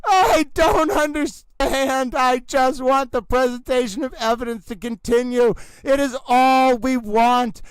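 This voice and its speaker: A man with a strikingly high, smooth voice hosts a comedic livestream. He talks like a melodramatic horse-race announcer, swooping into theatrical exclamations. The sound is close and dry. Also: level tone, a little slow, hardly any pauses, no echo, rough recording. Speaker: livestream trial commentator.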